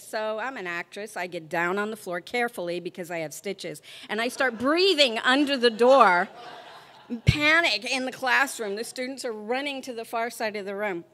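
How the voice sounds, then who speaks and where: A middle-aged woman telling a comic story on stage, acting out the people in it. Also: a little high. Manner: animated, acts out the people in her story.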